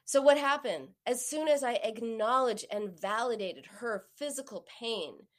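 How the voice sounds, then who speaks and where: A woman in her forties talks straight to her listener, giving warm, practical advice. She tells stories lively, often leaping up in pitch to act out what others said. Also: unhurried. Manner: animated storyteller, acts out quoted voices with sharp pitch jumps. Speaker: host giving advice on emotional eating. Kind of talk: direct-to-listener advice talk.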